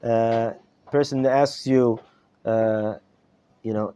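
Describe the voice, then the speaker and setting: The middle-aged rabbi here has a clear, resonant, slightly mellow voice at medium pitch and normal speed. He runs an informal Torah class in a study hall classroom, repeating words and asking "right?" often. The live recording is dull.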